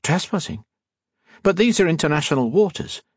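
A man's voice: fairly high pitch, expressive, moderate pace, breathy edge, no echo, studio quality, voice pushed up. A man voicing a wary young man who poses as a photographer, flustered and questioning.

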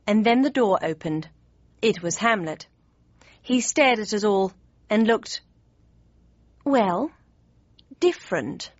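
A woman narrating an audiobook in the first person with crisp, even storytelling. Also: mid-range voice, slow pace, pauses often, no room sound. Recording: dry, slightly dull studio read.

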